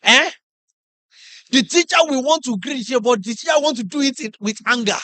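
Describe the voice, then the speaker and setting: A middle-aged man with a Nigerian English accent giving a lively motivational talk to teachers, acting out classroom stories and putting questions to the audience. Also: very high-pitched, normal speed, no echo. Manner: animated storyteller, acts out classroom scenes, asks the audience questions. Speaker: conference speaker.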